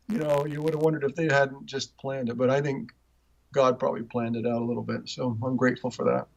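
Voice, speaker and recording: A man telling personal stories in an interview, earnest and rambling, with frequent restarts, rising in pitch when moved. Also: brisk, vocal fry, darkish tone. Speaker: interview guest, author. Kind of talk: personal storytelling in conversation. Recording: dull, muffled audio.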